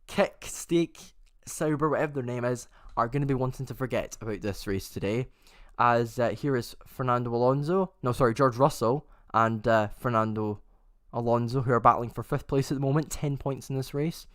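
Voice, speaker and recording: A man talks through a motor race live in a loose, chatty way, often stopping to fix a name he got wrong. His voice sits at an everyday middle pitch. The sound is dry and close, with little room around it. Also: moderate pace, dry recording. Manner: chatty, often corrects himself mid-sentence. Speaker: host of a race watchalong.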